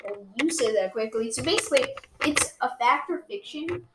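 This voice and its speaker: A woman's voice: high voice, lively intonation, moderate pace, noisy background. A woman reviewing cards in casual chat, enthusiastic and argumentative, rambling with restarts. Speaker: card game reviewer. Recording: roomy echoey room.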